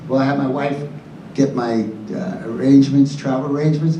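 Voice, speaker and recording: A man's voice: mid-range voice, fairly even intonation, fairly quick, mellow, lo-fi sound. A man in his seventies telling a rambling, chatty story as a guest on a convention panel, often restarting his sentences. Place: large convention hall. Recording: roomy hall, distant mic, faint hum.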